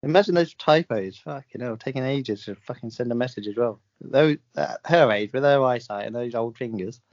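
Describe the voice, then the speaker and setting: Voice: medium pitch, normal speed, a little mellow, no echo. A podcast co-host in casual comedy banter, teasing and crude. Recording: dull muffled sound.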